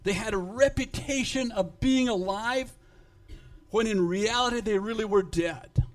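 A man preaching to his congregation in a fairly high voice. He speaks slowly and emphatically, and his loudness rises and falls. When he leaves his notes he halts and repeats words. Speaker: pastor. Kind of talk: sermon.

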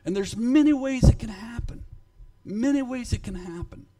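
A pastor preaches to his congregation with an extremely high-pitched voice. He is emphatic, his volume swings up and down, and when he goes off the cuff he halts and repeats words.

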